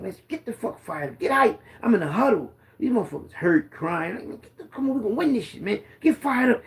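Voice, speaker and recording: A man's voice: fairly high pitch, gravelly, darkish tone. A man, a former running back telling boastful, profane football stories in a rambling casual monologue.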